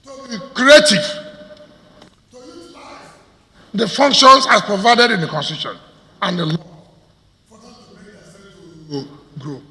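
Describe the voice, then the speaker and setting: A man's voice: high voice, sing-song, measured pace, long pauses, pushed and bright. A man with a Nigerian accent, a state governor making a combative public address to stakeholders, firing off rhetorical questions. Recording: reverberant hall.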